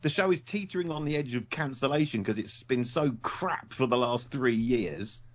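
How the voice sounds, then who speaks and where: A man's voice: medium pitch, moderate pace, highs cut off. A man co-hosting a podcast in casual chat, blunt and opinionated, often stumbling over his words. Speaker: podcast co-host.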